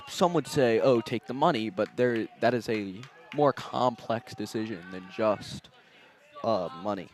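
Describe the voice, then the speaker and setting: Young male color commentator, mid-pitched, calm analysis of the game, outdoor ballfield. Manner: analytical, steady explainer. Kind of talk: high school baseball commentary.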